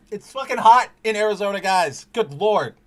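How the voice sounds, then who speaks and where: High-voiced man rambling about comics. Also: animated, normal speed. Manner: rambling, restarts often, swears freely; earnest and candid when personal. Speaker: podcast host. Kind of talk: casual comic book chat stream.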